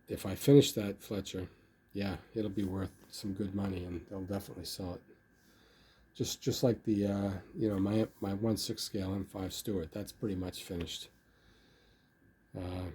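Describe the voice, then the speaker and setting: A man's voice: on the low side, warm tone, slight background noise. An older man casually talking about his model building, rambling and filling his speech with "you know.". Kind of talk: casual hobby video talk.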